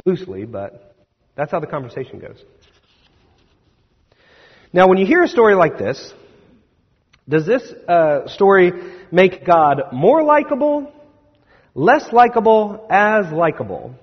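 Husky-voiced man preaching in an echoey hall. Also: sits high, sing-song, measured pace, long pauses. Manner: conversational storytelling with rhetorical questions. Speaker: pastor. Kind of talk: sermon. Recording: echoey hall, slightly dull.

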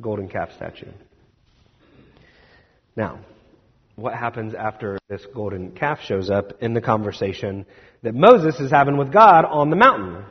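A man's voice: on the low side, expressive, a little slow, pauses often, husky. A male pastor preaching a sermon, retelling scripture casually and asking the congregation rhetorical questions. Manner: conversational storytelling with rhetorical questions. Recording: echoey hall, slightly dull.

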